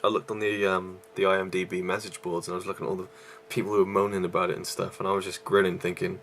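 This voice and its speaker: A man talks through a movie review, his deep voice catching on a gravelly rasp. He is out of breath and rambles, with many ums and restarts. A faint hum sits under the recording. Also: level tone, fast talker, a bit bright. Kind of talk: casual vlog review.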